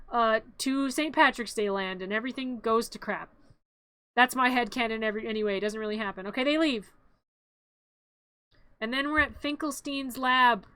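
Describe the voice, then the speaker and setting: High, bright-voiced woman streamer. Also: no echo. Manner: rambling, playful, offhand jokes. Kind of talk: casual scene-by-scene movie retelling.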